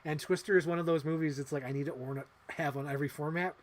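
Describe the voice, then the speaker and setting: A man in his thirties hosting a casual livestream, rambling excitedly and swearing casually. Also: on the high side, quick pace. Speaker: livestream host.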